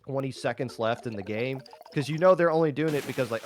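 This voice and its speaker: A man's voice: mid-range voice, fast talker, few pauses, over music. A man casting a live tournament stream with easygoing, joking banter. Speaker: esports commentator.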